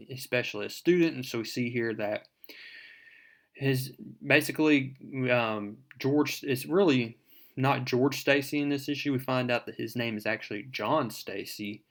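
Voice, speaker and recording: A man casually recapping a comic book issue as the show's host. His voice sits at an ordinary male pitch. He rambles with fillers and self-corrections as he goes. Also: a bit bright.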